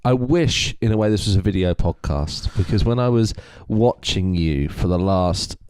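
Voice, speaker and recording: Relaxed low-voiced English podcaster. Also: male voice, normal speed, clear, resonant tone, dry recording. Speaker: podcast co-host. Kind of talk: casual podcast chat.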